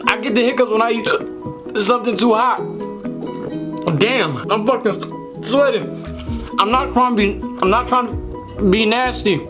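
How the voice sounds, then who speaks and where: A young man filming a spicy food challenge, talking casually on camera, excitable and profane, flustered and teary, with music behind him. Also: extremely high pitch. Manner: excitable, profane, loud yelps and exclamations. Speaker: challenge video creator. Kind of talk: casual on-camera commentary while eating. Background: background music.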